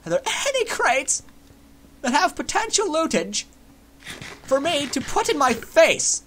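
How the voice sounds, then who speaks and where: A man putting on a silly, squeaky, sing-song voice in the middle of game commentary. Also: sing-song, measured pace, a bit bright, slight background noise, exaggerated voice. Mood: goofy.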